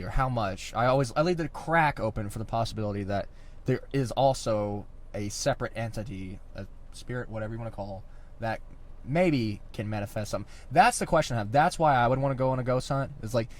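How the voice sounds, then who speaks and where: A man talking through ideas in a relaxed podcast conversation. He speaks at a middling pitch, thoughtful and questioning, turning each point over as he goes. His throat sounds a little irritated. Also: fairly quick. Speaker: podcast co-host. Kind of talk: casual podcast chat.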